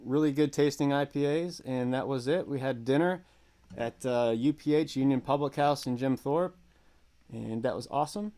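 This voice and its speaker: A man co-hosting a music livestream, relaxed and joking as he reads viewer comments aloud. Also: medium pitch, normal speed. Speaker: co-host and guitarist. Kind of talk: casual livestream chat.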